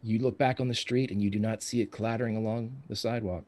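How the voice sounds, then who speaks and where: A man running a tabletop game as game master, describing scenes in steady narration. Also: fairly low pitch, fast.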